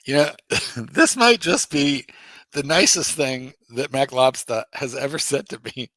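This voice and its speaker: Male host, bossy teaser, bright and gravelly, dry close sound. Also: medium pitch, moderate pace, no room sound. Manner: teasing and bossy, pushes his co-host. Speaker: livestream host. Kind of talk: casual livestream banter.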